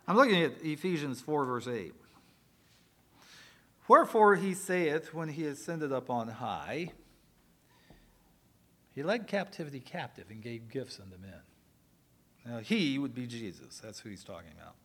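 A male preacher giving a sermon, swinging from loud emphatic lines to quiet asides and joking with the congregation. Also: medium pitch, animated, a little slow, pauses often.

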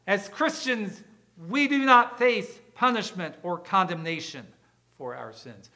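Man, pastor, sermon, emphatic, rhetorical questions, high voice, forceful tone. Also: lively intonation, moderate pace. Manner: emphatic preaching with rhetorical questions, repeats words when restarting.

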